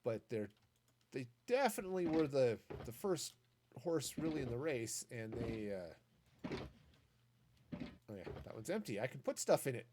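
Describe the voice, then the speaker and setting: A man's voice: medium pitch, very animated, unhurried, pauses often, darkish tone, slight background noise. A man streaming a game, chatting casually and thinking aloud with many restarts. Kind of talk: casual commentary while gaming.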